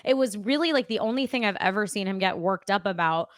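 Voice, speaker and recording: A woman co-hosting a podcast, telling a family story in an animated, casual way. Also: medium pitch, fast talker, no room sound, clean studio sound. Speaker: podcast co-host. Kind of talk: casual chat.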